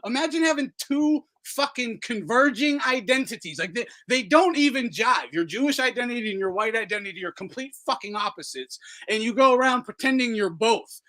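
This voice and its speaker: A man hosting a boxing talk podcast in a loud, profane, mocking chat. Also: very high-pitched, lively intonation, a little fast, hardly any pauses. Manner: loud, profane, laughing mockery. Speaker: podcast host. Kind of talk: casual chat.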